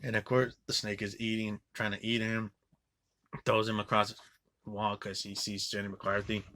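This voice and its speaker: A man giving a casual, rambling movie review, swearing a lot and filling every pause with filler words. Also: on the low side, flat delivery, bright, forceful tone. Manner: rambling, profane, filler-heavy with frequent "like".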